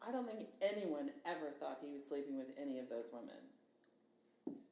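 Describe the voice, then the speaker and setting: A low-pitched woman talks in a bubbly, rambling way, full of fillers and quick laughs. Her voice carries a roomy echo with a faint hiss of background noise behind it. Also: lively intonation, creaky, warm tone. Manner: chatty, bubbly, lots of "like" and laughter. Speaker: podcast guest. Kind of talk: casual chat.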